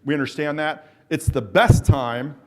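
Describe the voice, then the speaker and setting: This is a live workshop at a symposium, where a male exercise coach leads the audience through a drill in a notably high voice. He takes his time, calling timed cues and countdowns as he coaxes and cheers everyone on. His delivery is enthusiastic and encouraging the whole way through.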